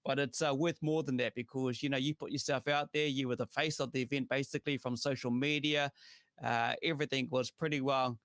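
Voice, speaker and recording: A man with a New Zealand accent hosting a casual talk show, relaxed and chatty, with lots of "uh" and "you know". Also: medium pitch, brisk, dry recording, clean studio sound. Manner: chatty, relaxed, thanks viewers by name, heavy on fillers. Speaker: show host. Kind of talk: casual podcast chat.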